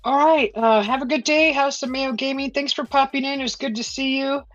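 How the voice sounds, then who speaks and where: A woman's voice: sits high, steady tone, fairly quick, fairly bright tone, no room sound. A woman hosting a casual livestream from home, chatting with viewers and rambling with many "uh" fillers. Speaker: livestream host. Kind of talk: casual livestream chat, reading viewer comments. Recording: dull lo-fi stream audio, faint music.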